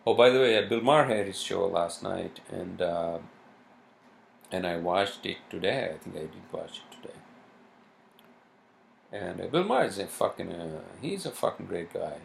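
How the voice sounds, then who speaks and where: In a solo vlog recorded at his New York home, a man rants, worked up and swearing nonstop, full of fillers and restarts. His voice is low-pitched and expressive with vocal fry, at a moderate pace, over slight background noise.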